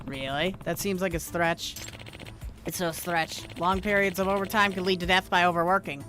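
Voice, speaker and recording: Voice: medium pitch, steady tone, moderate pace, sharp tone, faint music behind. A streamer casually reading video game dialogue aloud, with wry asides.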